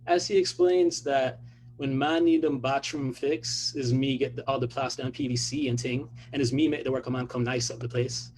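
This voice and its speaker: A man voicing a proud Jamaican immigrant father, a general contractor, speaking slowly in heavy Jamaican patois. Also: medium pitch, fairly even intonation, a little mellow, natural voice. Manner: slow, heavy patois speech.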